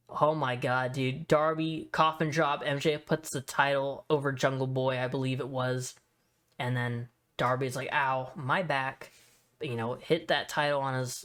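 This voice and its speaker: A young man giving casual, excitable tier-list commentary, swearing freely and saying dude a lot. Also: mid-range voice, clear, resonant tone. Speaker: wrestling video host.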